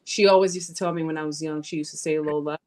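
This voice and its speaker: A woman's voice: deep voice, fairly even intonation, racing, a little mellow. A young adult woman from Nigeria, a podcast guest talking casually and reflectively. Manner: reflective, leans on "you know what I'm saying".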